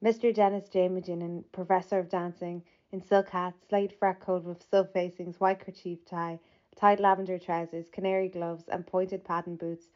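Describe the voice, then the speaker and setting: A woman narrating a literary audiobook in a measured, even reading that lifts slightly for quoted speech. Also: lowish voice. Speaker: audiobook reader. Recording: slightly muffled lo-fi recording.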